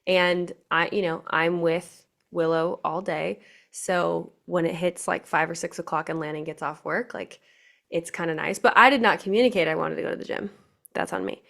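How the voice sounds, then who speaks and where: Young woman coach on her podcast, lowish voice, chatty and pumped, keeps asking the listeners stuff. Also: normal speed, vocal fry. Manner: energetic, chatty, asks the audience questions. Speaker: pageant coach and podcast host. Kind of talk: motivational solo podcast talk.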